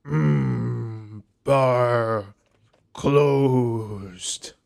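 A man voicing a gruff, surly male orc doorman who speaks in curt, broken grunts. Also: medium pitch, extremely slow, a little mellow.

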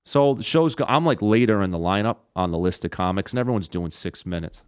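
Comedian guy cursing his way through a story, lowish voice, dry sound. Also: a little fast, clear, resonant tone, no echo. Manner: profane, animated storytelling. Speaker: guest comedian. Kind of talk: casual storytelling in a podcast interview.

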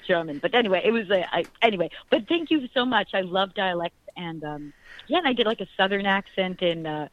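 A woman's voice: medium pitch, animated, brisk. Chatty, enthusiastic woman on a dull line. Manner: enthusiastic, chatty, many fillers. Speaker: actress guest. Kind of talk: casual interview chat.

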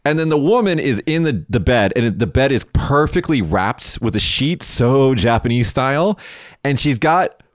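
Animated, profane storytelling man. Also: medium pitch, moderate pace, dry recording, studio quality. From United States. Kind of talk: casual storytelling chat.

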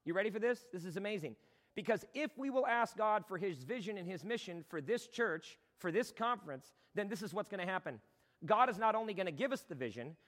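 High, bright impassioned preacher man. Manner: impassioned, conversational preaching with sudden shouts. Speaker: pastor. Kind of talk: sermon. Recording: long hall reverb.

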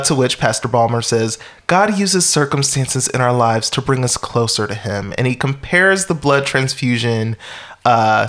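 A podcast co-host recaps a film's plot in a casual, rambling way, his medium-pitched, slightly bright voice full of wry humor, chuckles and filler words.

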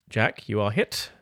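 A man's voice: fairly low pitch, noisy background. Playful man running the game. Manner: playful, laughing, calls rolls. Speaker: game master.

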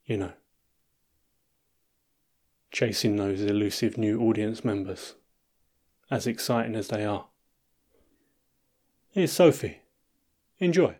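A man's voice: fairly low pitch, slow pace, long pauses, darkish tone. A man hosting a poetry podcast, reading the introduction and sign-up notes in a friendly, conversational way. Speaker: podcast host. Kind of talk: scripted show intro.

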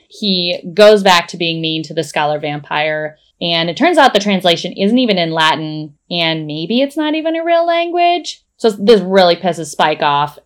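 Female podcast co-host, lower register, brisk wry recapper. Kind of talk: casual episode recap chat.

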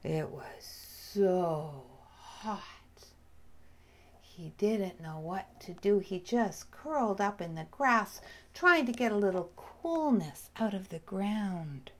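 A woman reading a bedtime story aloud in a gentle, expressive way, often dropping to a whisper. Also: medium pitch, unhurried, few pauses.

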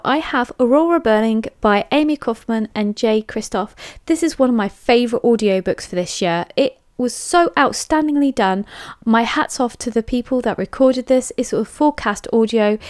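A woman's voice: a little high, clean tone, no room sound, studio quality. Chatty English woman reviewing books. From England. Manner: chatty, candid, emphatic with frequent fillers. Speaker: book reviewer and podcaster. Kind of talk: casual book review monologue.

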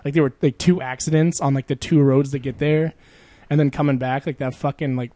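A man's voice: medium pitch, fairly even intonation, brisk, mellow, dry recording. A young man chatting casually with a friend, rambling, swearing a lot and laughing often. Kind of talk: casual chat.

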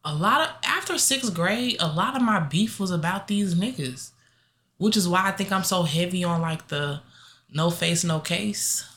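A young woman co-hosting a podcast, chatting casually in a blunt, profane, animated way. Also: moderate pace. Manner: blunt, profane and animated, with sudden pitch jumps. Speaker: podcast co-host. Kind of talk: casual chat.

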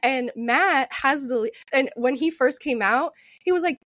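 A young woman co-hosting a podcast, telling a story with animated, profane energy and acting out what people said. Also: high voice, measured pace, no echo. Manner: animated, profane, acts out quotes in raised voice. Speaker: podcast co-host. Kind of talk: storytelling chat.

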